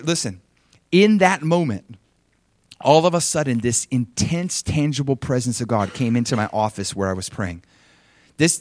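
Male preacher, mid-range voice, lively storytelling sermon, dry close sound. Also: no echo. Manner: animated personal storytelling, chuckles often; swings between loud emphasis and soft low asides.

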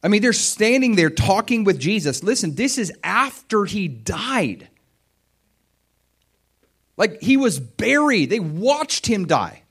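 Animated man preaching a sermon. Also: sits high, takes it slowly, slightly rough. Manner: animated storytelling, acts out voices of biblical figures. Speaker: pastor.

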